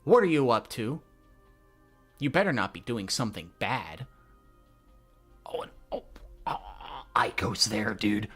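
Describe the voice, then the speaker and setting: A young man reads a comic aloud and reacts as he goes, slangy, laughing and cursing along. His delivery is unhurried but his pitch jumps around a lot, and faint music plays behind him. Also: animated, fairly bright tone, husky. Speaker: manga reaction reader. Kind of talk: casual reaction reading.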